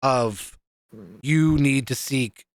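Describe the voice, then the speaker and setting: A man's voice: mid-range voice, very slow, clean tone, dry recording, clean studio sound. A man co-hosting a casual podcast, telling stories in an exasperated, profane, rambling way with many restarts. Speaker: podcast co-host.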